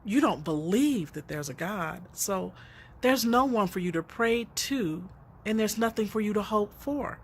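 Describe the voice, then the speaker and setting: A woman's voice: medium pitch, lively intonation, unhurried, husky. A middle-aged woman telling a personal story in a reflective way, often laughing as she speaks.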